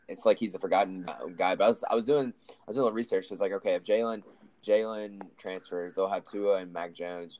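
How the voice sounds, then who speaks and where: A man's voice: deep voice, a little mellow. A young man hosting a casual sports chat, rambling with many restarts and fillers. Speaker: podcast host.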